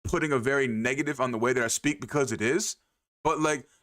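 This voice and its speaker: A young adult man with a medium-pitched, slightly bright voice talks fast as he livestreams. He rants casually to his chat, swearing emphatically and repeating phrases for effect.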